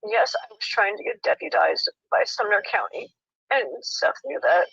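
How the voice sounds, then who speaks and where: A woman's voice: medium pitch, huge pitch swings, moderate pace, fairly bright tone, breathy edge, no echo, highs cut off. A woman guest on a livestream who explains herself in an emotional, rambling way with a pleading edge. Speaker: livestream guest, volunteer dog handler.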